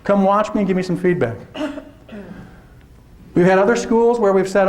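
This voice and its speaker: A man presents a workshop to teachers in a lively, conversational lecture. His voice sits fairly high, and he keeps slipping into quick put-on voices to act out the teachers he talks about. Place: lecture hall.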